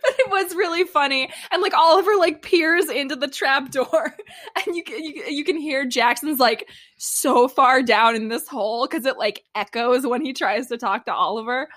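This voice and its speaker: A woman with a fairly high voice chats casually on a podcast, giggling through her recap. Her talk is loose and full of fillers. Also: moderate pace, fairly bright tone. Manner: giggly, laughs often while recapping. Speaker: podcast co-host.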